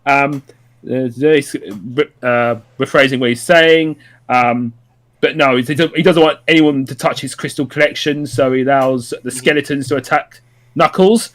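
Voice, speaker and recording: A man's voice: mid-range voice, fairly even intonation, unhurried, fairly bright tone. A man casually recapping a story on a podcast, rambling with lots of ums, uhs and restarts. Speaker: podcast co-host.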